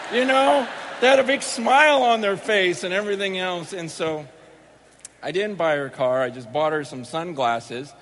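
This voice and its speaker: High-voiced pastor, rambling and jokey. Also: male voice, animated, moderate pace, a bit bright, in a large hall, a little hiss or hum. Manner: rambling, self-deprecating storytelling with many restarts; jokey, acts out his own inner thoughts. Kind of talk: sermon opening with a personal story.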